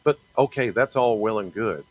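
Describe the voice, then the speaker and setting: A middle-aged man talking earnestly about his faith in a halting, personal monologue, often repeating and restarting phrases. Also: fairly low pitch, darkish tone, poor audio. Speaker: TV meteorologist sharing faith talk.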